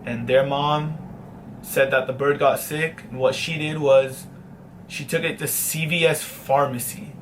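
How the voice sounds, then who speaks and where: A man's voice: fairly high pitch, steady tone, unhurried, background noise. Chatty young man telling a pet story. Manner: chatty, swears, dramatic sad asides. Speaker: vlogger. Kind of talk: casual storytelling vlog.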